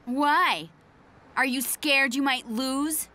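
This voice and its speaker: A woman's voice: sits high, slow, bright, forceful tone, exaggerated voice. A woman voicing a brave, cheerful young hero racer in a dubbed cartoon, confident and challenging. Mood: taunting. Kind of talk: cartoon dub.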